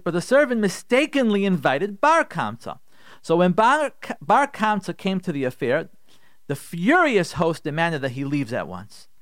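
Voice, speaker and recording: A rabbi hosting a radio talk, his voice slightly high and leaping around with lively expression as he tells a story. He sounds chatty and animated. The sound is dry and close. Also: no room sound. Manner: animated, conversational, acts out voices. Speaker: rabbi, radio show host.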